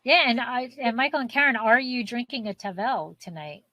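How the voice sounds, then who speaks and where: A woman co-hosting a podcast, unhurried and thoughtful, with fillers like "um". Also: a little high, lively intonation, pushed and bright, no room sound. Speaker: podcast co-host. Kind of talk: casual podcast chat.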